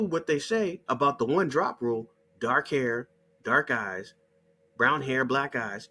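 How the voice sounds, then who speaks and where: Husky man ranting, swearing. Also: mid-range voice, sing-song, a little slow, sharp tone. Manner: heated, mocking, swears constantly. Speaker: channel host. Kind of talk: profane ranting monologue.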